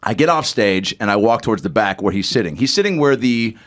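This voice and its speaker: A man's voice: fairly low pitch, a little fast. A man, a comedian guest on a podcast, telling a rambling story full of fillers and side remarks. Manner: animated, rambling, lots of fillers.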